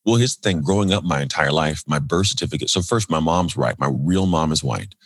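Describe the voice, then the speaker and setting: A man in his thirties telling a personal story as a podcast guest, animated and acting out quoted voices. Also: a bass voice, brisk, husky, no room sound, clean studio sound. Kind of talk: storytelling in a casual interview.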